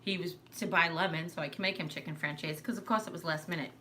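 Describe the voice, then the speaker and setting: A woman's voice: fairly low pitch, steady tone, quick pace, sharp tone, slight background noise. A woman with a Long Island New York accent, chatting and telling rambling stories as host of a home livestream. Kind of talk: casual chat on a livestream. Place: living room at home.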